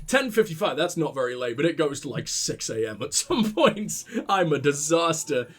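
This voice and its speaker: A man's voice: a little high, very animated, moderate pace, husky. A man hosting a let's play, joking, swearing and poking fun at himself in casual gaming commentary. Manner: joking, swearing, self-mocking.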